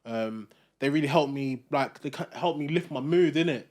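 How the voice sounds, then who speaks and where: A man's voice: fairly high pitch, moderate pace, a little mellow. A young man, co-hosting a casual podcast and speaking reflectively with many fillers. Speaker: podcast co-host. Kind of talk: casual chat.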